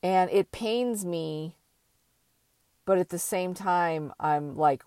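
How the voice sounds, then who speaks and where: An older woman talking slowly and thoughtfully in a reflective personal monologue, with many pauses and fillers. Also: lowish voice, warm tone, smooth, dry recording.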